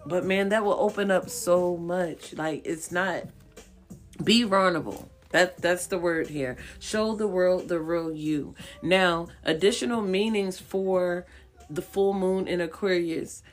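A woman's voice: fairly low pitch, measured pace, faint music behind. A woman reading tarot cards for viewers in a casual way. She is blunt, profane and encouraging, and she repeats her points for emphasis. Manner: coaxing and encouraging. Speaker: tarot card reader.

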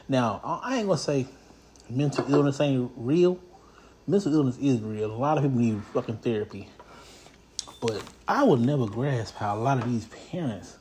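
A man hosting a show, giving casual, comedic commentary on news stories in a blunt, profane, animated way. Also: mid-range voice, a little hiss or hum.

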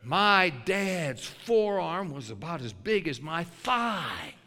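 Male preacher, high lively voice, folksy and fiery, cutting sound with long hall reverb; builds to shouts. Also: slow pace. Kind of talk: sermon.

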